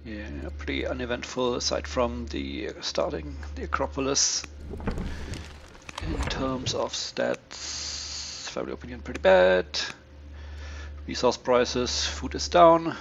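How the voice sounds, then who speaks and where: A man giving casual, low-key commentary on his turn in a strategy game, thinking aloud with many pauses and ums. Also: expressive, vocal fry. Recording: dull lo-fi mic with faint hiss.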